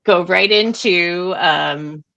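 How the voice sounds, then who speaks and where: Woman podcast co-host, low-set bright voice, casual and quick with fillers. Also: vocal fry, dull audio. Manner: animated, quick recapping with frequent fillers. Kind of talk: casual book discussion chat.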